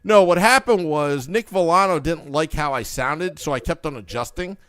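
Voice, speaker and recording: A man's voice: a little high, normal speed, a bit bright, clean tone, dry recording. A man hosting a live hockey podcast, upbeat and hyping positivity while reading viewer comments aloud. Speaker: podcast host.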